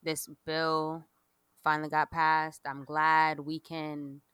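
A woman's voice: low voice, flat delivery, slow pace, fairly bright tone, clear, resonant tone, no room sound. A woman co-hosting a podcast, chatting in an upbeat, easygoing way. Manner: upbeat, chatty, laughs easily. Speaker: podcast co-host. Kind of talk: casual chat.

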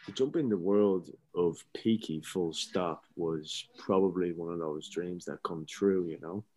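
A middle-aged man with a fairly low voice tells stories as an interview guest. He speaks candidly, swears freely and gets animated in his anecdotes. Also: a little slow. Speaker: actor guest. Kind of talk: casual interview storytelling.

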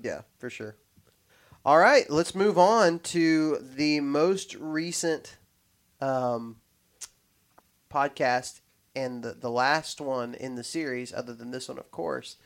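A man's voice: mid-range voice, slow pace. Man, podcast host, rambling, lots of restarts, casual chat. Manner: rambling, restarts often, animated when telling stories.

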